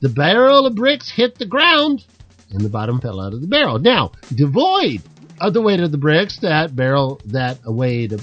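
A man's voice: sing-song, dull audio, soft background music. A man putting on a battered storyteller with a jumbled Irish-Australian accent. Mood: aggrieved. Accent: put-on mix of Irish and Australian. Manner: loud, high and rushed storytelling. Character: battered man recounting his injuries. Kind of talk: comedy sketch.

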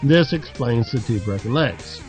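A man's voice: lively intonation, faint music behind, lightly acted. A man putting on a battered storyteller with a jumbled Irish-Australian accent. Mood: aggrieved. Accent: put-on mix of Irish and Australian. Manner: loud, high and rushed storytelling. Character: battered man recounting his injuries. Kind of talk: comedy sketch.

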